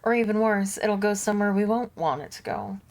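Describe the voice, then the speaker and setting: A woman voicing a gruff veteran male starship helmsman in a put-on Southern American accent, blunt and folksy. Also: mid-range voice, a little fast, a little mellow, natural voice. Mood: scornful. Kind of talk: reading game dialogue aloud.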